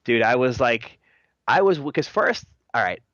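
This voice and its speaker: A young man talks as a guest in a relaxed chat, getting worked up with slang and casual swearing. His voice sits at an ordinary middle pitch. The recording is dry and close, with no room sound. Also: a little slow, no echo, muffled recording. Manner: excitable, slangy, swears freely.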